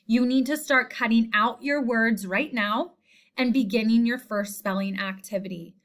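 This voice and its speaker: A woman teacher explaining a spelling sort in a slow, clear, patient way. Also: on the high side, fairly bright tone. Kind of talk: recorded spelling lesson.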